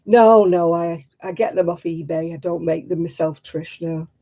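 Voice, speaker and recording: A woman's voice: low voice, little pitch movement, moderate pace, dark tone, husky. A woman hosting a crafting live stream, chatting casually with viewers in a self-mocking way and laughing often. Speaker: craft livestream host.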